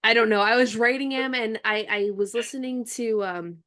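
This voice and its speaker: A woman author in a casual podcast conversation, bubbly and laughing often, with halting restarts. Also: fairly high pitch, steady tone, pushed and bright.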